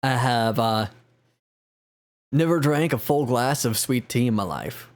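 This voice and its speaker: A man's voice: mid-range voice, unhurried. A man chatting casually on a live game stream, rambling and self-mocking with frequent laughs.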